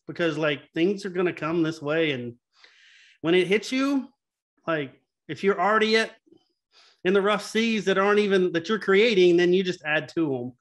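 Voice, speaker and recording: A man's voice: high-pitched, steady tone, brisk. A middle-aged man speaking earnestly and openly about his feelings as a panelist in a candid video-call panel conversation. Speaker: patient advocate panelist.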